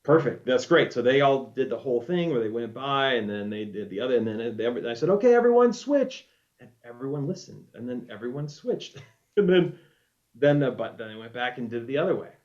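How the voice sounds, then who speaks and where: A man, a former reality show contestant, casually telling a story in an animated way and acting out what people said. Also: medium pitch, brisk. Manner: animated storyteller, acts out quoted lines. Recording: dull lo-fi audio.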